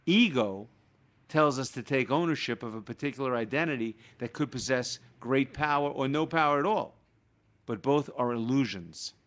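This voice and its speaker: Calm man explaining spiritual ideas. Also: mid-range voice, moderate pace. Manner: reads quoted passages, then explains them with acted-out everyday examples. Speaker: guest teaching Kabbalah.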